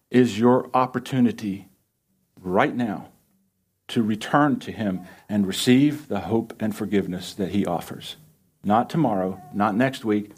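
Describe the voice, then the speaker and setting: A man's voice: on the low side, a little mellow, breathy edge. A male pastor preaching an earnest, pleading sermon and closing it in prayer.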